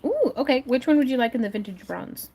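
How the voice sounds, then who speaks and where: A woman's voice: sits high, sing-song, fast, warm tone, breathy edge. A woman hosting a casual craft livestream, chatting with viewers and her pets while she works, laughing often.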